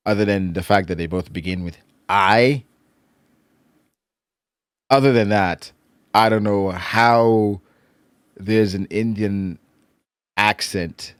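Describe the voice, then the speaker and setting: A man's voice: fairly low pitch, no room sound, clean studio sound. A man co-hosting a casual podcast chat, easygoing and teasing, laughing often. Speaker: podcast co-host.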